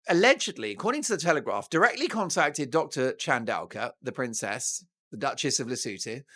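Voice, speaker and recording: A man's voice: on the high side, pushed and bright. A British man hosting a talk show, giving mocking, sarcastic news commentary in a theatrical way. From Britain.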